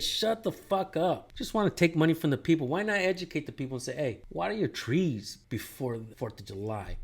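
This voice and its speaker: A man's voice: fairly low pitch, darkish tone. A young man hosting his own channel, talking casually and profanely as he reacts to a police video and tells rambling, heated stories.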